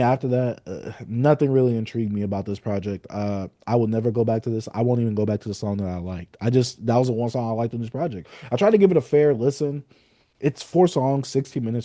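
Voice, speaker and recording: A man co-hosting a casual music podcast, talking in a very dark, mellow voice. He sounds close and dry, with no room around him. He gives opinionated reviews in an unhurried way, pausing on drawn-out fillers. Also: medium pitch, no echo. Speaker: podcast co-host.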